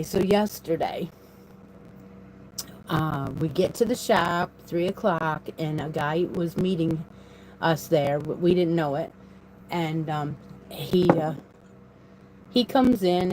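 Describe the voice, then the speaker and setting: A woman's voice: fairly low pitch, darkish tone, slight background noise, low-quality recording. A woman hosting a casual live stream, rambling and laughing often, speaking into a phone propped on her desk in a room at home. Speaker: crochet channel host.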